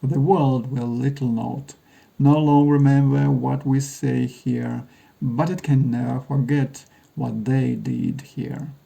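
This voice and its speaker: Man playing a male guide declaiming a grand speech solemnly, gravelly dark voice. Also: medium pitch, fairly even intonation, takes it slowly, poor audio. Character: male guide reciting a famous old speech.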